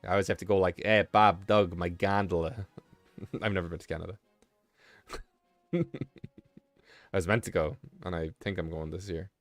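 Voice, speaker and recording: A low-voiced man hosts a casual live stream, reading passages aloud and wandering off into offhand asides. His voice sits close and dry on a desk mic. Quiet music plays faintly underneath. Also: fairly even intonation, moderate pace, pauses often, no room sound. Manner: rambling, reads text aloud with offhand asides. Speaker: livestream host.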